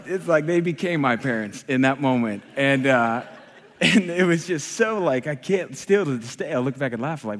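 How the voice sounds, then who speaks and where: Higher-voiced man preaching in a reverberant hall. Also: normal speed. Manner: animated, self-mocking storyteller who laughs at his own story. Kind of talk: humorous personal story in a sermon. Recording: long reverb of a large hall.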